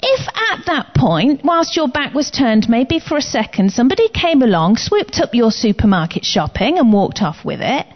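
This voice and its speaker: A woman's voice: sing-song, moderate pace, hardly any pauses. A woman preaching a sermon in an emphatic, declaring manner. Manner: emphatic, declaring commands with rising pitch. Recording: slightly dull lo-fi recording.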